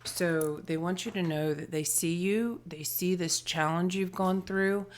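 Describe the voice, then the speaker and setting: A woman giving an intuitive tarot and charm reading, gentle and affectionate, often trailing off into soft murmurs. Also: fairly low pitch, fairly even intonation, unhurried, a little hiss or hum. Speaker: tarot reader and channeler.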